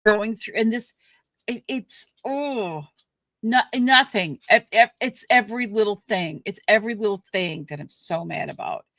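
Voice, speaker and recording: A woman co-hosting a podcast, ranting with frustration and many halting restarts. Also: mid-range voice, fairly bright tone, no room sound. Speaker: podcast co-host. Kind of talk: candid podcast conversation.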